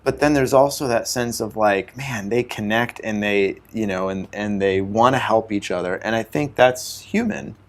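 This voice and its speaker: A man's voice: fairly low pitch, normal speed, hardly any pauses. A man co-hosting a casual talk show, speaking thoughtfully and searching for his words. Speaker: show co-host. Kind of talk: casual conversation.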